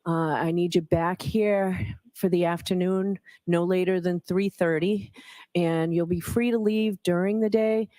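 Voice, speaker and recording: A woman's voice: lowish voice, fairly even intonation, unhurried, mellow, no echo, low-quality recording. A woman judge giving matter-of-fact instructions to counsel from the bench.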